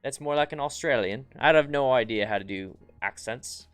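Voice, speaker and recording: A man hosting a casual live stream, chatting and reading viewer comments aloud with bursts of excitement. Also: medium pitch, normal speed, clean tone, faint music behind. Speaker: motorcycle channel host.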